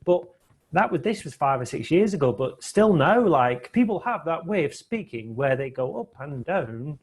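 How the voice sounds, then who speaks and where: A man hosts a relaxed film watch-along, telling stories as he goes. His pitch sits a little above the average for a man. He keeps tossing in tag questions to draw his co-host in. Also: moderate pace, slightly rough. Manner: chatty, storytelling, tag questions. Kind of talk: casual film commentary chat.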